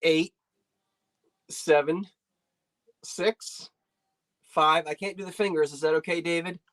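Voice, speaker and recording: Presenting items on a live antiques sale from her decorated living room, this woman speaks slowly in a fairly low, steady voice. She's chatty and folksy, often trailing off and restarting as she describes each piece.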